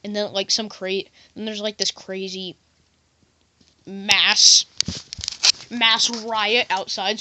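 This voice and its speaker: A woman's voice: mid-range voice, pushed and bright, slight background noise. A woman talking in a silly, rambling comedy monologue as a vlogger, often jumping into goofy voices.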